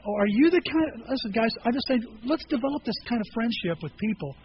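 A pastor preaching a sermon and telling stories, acting out conversations with different voices. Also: male voice, sits high, muffled recording, a little hiss or hum. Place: church.

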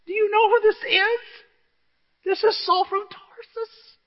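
A frightened, incredulous disciple squeals his protest in a very high voice, as a preacher acts him out from the pulpit. The sound is dull and muffled, with a long church echo trailing each word. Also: steady tone, a little slow. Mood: alarmed disbelief. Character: alarmed disbelieving male disciple, protesting. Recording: dull echoey church recording.

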